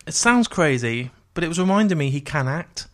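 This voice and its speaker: A man's voice: a little high, brisk. A man co-hosting a film review podcast, chatting casually and jokily, swearing freely. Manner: jokey, animated, swears freely. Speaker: podcast co-host.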